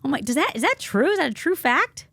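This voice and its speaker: Woman podcast co-host, jokey and animated, dry close sound. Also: high-pitched, fast, no echo. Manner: animated, jokey, acts out lines in quotes. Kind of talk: casual chat recapping a drama.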